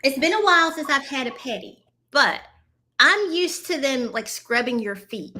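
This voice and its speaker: A woman co-hosting a casual chat, lively and talking straight to her audience. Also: high-pitched, moderate pace. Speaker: co-host.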